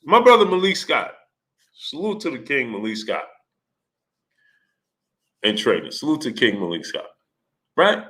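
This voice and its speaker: Bright-voiced man hosting a casual livestream. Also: medium pitch, huge pitch swings, a little slow, long pauses. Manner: greets chat viewers by name, rising to exasperated outbursts. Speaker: livestream host.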